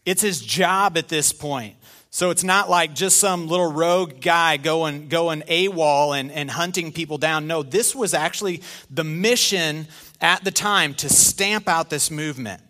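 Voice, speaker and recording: A middle-aged male pastor preaching a sermon in an animated, conversational way with self-deprecating humor. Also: a little high, measured pace.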